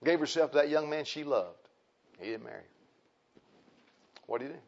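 High-voiced preacher man. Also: lively intonation, moderate pace, creaky. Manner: emphatic, repetitive, swings between shouting and hushed tones. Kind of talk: fiery sermon. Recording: dull lo-fi recording.

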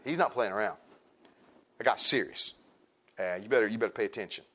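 A man's voice: lowish voice, fairly quick, pushed and bright. A middle-aged man preaching a sermon as pastor, folksy and emphatic, with rising outbursts.

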